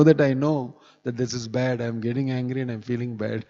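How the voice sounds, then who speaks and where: A man's voice: medium pitch, steady tone, normal speed, mellow. A man giving a scripture class in a temple, talking conversationally with chuckling asides. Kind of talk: sermon. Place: temple hall. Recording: dull echoey hall recording.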